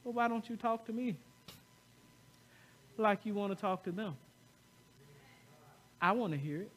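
A man voicing God as a gentle, inviting voice speaking to him. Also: sits high, a little slow.

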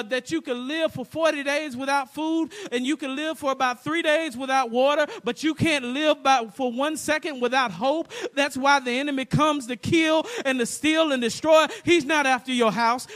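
A man preaching a sermon as pastor, asking the congregation rhetorical questions and building to shouted, emphatic peaks. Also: very high voice, moderate pace.

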